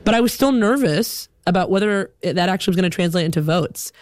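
A woman telling a personal story in an animated, reflective way, with many "like" fillers. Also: lowish voice, fast talker. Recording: music playing behind.

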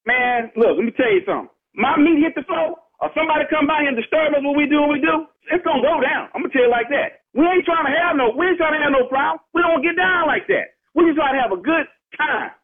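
A man with a very high, husky voice argues fast and hard, insistent and calling everyone "man". His voice comes over a narrow, tinny phone line. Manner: heated, insistent, says "man" constantly. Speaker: prank call target. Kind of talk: heated phone argument. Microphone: telephone.

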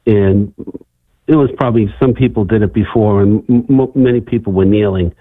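A man calling in to a radio show, hesitant and halting with many restarts, upset about his question. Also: on the low side, dry recording. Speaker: caller. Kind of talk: phone-in question. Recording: tinny phone line.

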